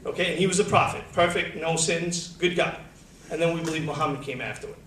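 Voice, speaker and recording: A man on a panel, telling religious stories to an audience in a lively, slangy way and acting out the quotes, recorded in a college lecture hall. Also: a little high, fast talker. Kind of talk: casual religious storytelling to an audience. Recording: echoey hall, distant mic, faint hum.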